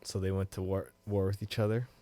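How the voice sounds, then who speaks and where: In a low voice and at a fairly quick clip, a male podcast co-host keeps things casual and animated, cursing freely and breaking into loud laughter. The recording has no echo.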